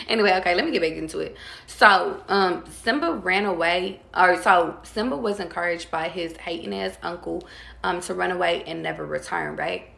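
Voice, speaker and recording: Gravelly-voiced woman giving a tarot reading. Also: lowish voice, roomy sound. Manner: calm, drawn-out, talks straight to viewers. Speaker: tarot reader.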